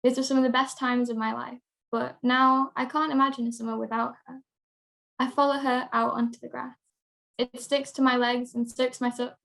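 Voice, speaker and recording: A teenage girl reading her own prose piece aloud in a steady, measured way. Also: a little high, gravelly. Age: teens. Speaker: young writer.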